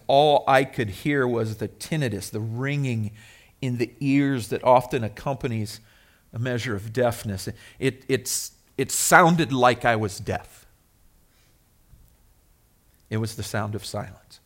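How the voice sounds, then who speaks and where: Male pastor, mid pitch, conversational sermon that swells emphatic and drops soft. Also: moderate pace. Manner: conversational, rising to emphatic then dropping soft.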